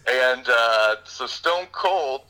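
A man co-hosting a podcast reviews a movie, casually retelling its plot in a rambling, animated way packed with fillers. His voice sits in the mid range and he talks extremely slowly. The audio quality is poor.

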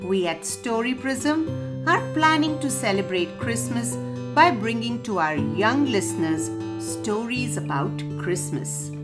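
Slow, lively storytelling woman. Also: fairly high pitch. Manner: gentle, expressive, lilting read-aloud delivery. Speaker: children's story podcast host and narrator. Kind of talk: storytelling for young children.

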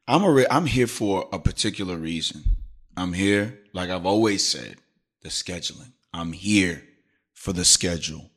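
A middle-aged man with a lowish voice tells a story from his school in a relaxed, chatty way. He slips into his coworkers' voices as he acts out what they said. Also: breathy edge. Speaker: podcast host, teacher. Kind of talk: casual storytelling chat.

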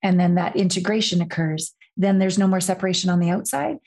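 A woman's voice: fairly low pitch, fairly quick. A woman who works as a life and intimacy coach, talking as a podcast guest and acting out the voices in her stories. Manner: animated storyteller, acts out quoted voices, swears freely.

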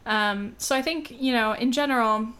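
A woman's voice: fairly high pitch, moderate pace, fairly bright tone. An American woman chatting casually on camera about films she has seen, talking loosely with lots of "um" and "like" and getting heated now and then. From United States. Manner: chatty, full of "um" and "like", gets heated. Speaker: vlogger reviewing films. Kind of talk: casual chat.

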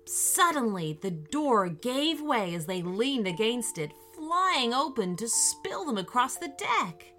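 A woman narrating a children's story with an expressive, animated reading. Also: fairly high pitch, slow pace, hardly any pauses, soft background music.

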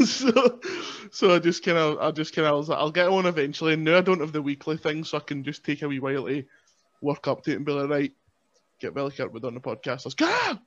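A man chats on a podcast with a playful, self-mocking humour, laughing as he goes. His voice sits a little high. The audio is dull and lo-fi. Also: quick pace. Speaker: guest, pro wrestler. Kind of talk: casual podcast chat.

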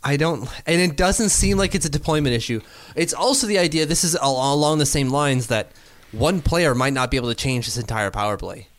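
A man's voice: on the high side, a little fast, few pauses, no echo. Chatty man talking hockey, dry sound. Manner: animated, laughs often, thinks aloud. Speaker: podcast co-host. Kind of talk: casual sports chat.

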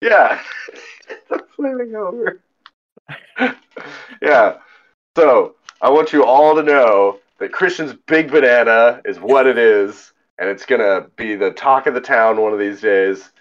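A man co-hosting a podcast, telling an animated story in casual chat and swearing freely. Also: mid-range voice, takes it slowly, lo-fi sound. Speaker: podcast co-host.

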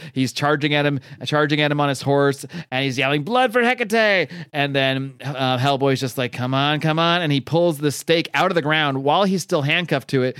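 A young man reviewing comics in casual, animated talk, swearing and laughing often. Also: mid-range voice, smooth, no room sound, clean studio sound.

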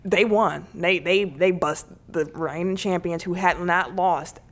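A woman co-hosting a sports podcast, telling stories in an animated way and laughing often. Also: lowish voice, unhurried. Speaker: podcast co-host. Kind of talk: casual sports chat.

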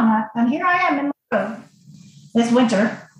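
A woman guest on a podcast telling her personal story in an animated, emotional way, with frequent restarts. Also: a little high, normal speed. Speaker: guest, former client. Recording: strong room echo.

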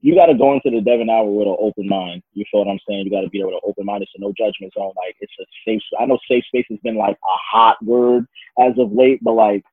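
A man's voice: fairly low pitch, quick pace, breathy edge, no room sound, narrow, tinny audio. A man guesting on a podcast, talking in a laid-back, slangy, grateful way. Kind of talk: casual interview chat.

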